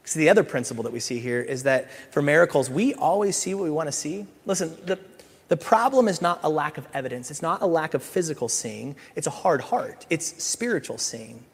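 A middle-aged male pastor preaching a sermon, animated, swinging from loud emphasis to hushed asides and playful acted voices. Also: on the high side, brisk, breathy edge. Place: church sanctuary. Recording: church hall with long reverb.

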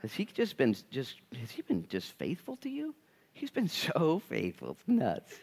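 A man's voice: a little high, unhurried, gravelly, slightly rough. A man in his thirties preaching a conversational, jokey sermon to his congregation. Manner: animated, acts out voices in quotes. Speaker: pastor.

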